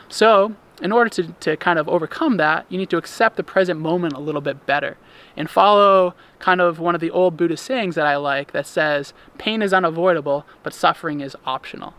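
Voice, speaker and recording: A man speaking at a slightly raised pitch, delivering a daily lesson to his listeners. His voice has a bright, forward ring, and he explains each point calmly, stopping now and then for a filler. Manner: calm, explanatory, with occasional fillers. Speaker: instructor.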